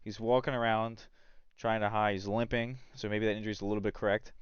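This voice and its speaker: A man's voice: on the low side, little pitch movement, a little fast, clear, resonant tone, no echo, muffled recording. A man co-hosting a podcast in casual chat, rambling and filling his talk with "like". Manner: rambling, heavy use of "like". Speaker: podcast co-host.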